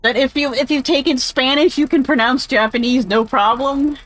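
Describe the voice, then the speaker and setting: A woman with a somewhat high voice talks over a game she is playing. She rambles from one tangent to the next with plenty of fillers, chatty and opinionated, and swears offhandedly. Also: fairly even intonation, moderate pace, a bit bright, no room sound, poor audio. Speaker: game streamer. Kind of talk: casual gameplay commentary.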